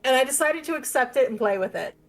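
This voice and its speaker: A woman with a slightly high voice chats casually as a player at a tabletop game. She laughs often and talks in an easy, relaxed way. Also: fast, poor audio.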